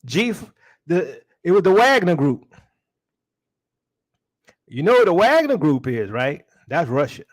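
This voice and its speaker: With a fairly high voice, large pitch swings, and a measured pace broken by long pauses, a man preaches to a livestream audience. He keeps it casual and slangy, calling them y'all and repeatedly asking rhetorical questions.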